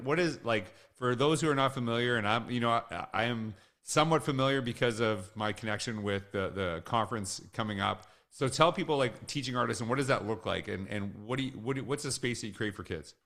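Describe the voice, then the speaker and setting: A man's voice: mid-range voice, fairly quick, fairly bright tone. A man hosting a casual conversation, asking rambling questions and responding with enthusiastic, effusive praise. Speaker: host.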